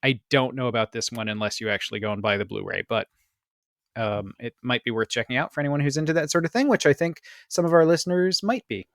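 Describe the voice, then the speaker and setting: A man's voice: medium pitch, fast, fairly bright tone, dry recording, clean studio sound. A man co-hosting a podcast in casual chat, talking in a rambling way with lots of restarts. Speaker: podcast co-host.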